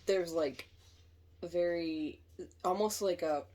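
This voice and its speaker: Low-voiced chatty woman reading tarot. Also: dark tone. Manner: chatty, thinking aloud, quick to laugh. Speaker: tarot reader.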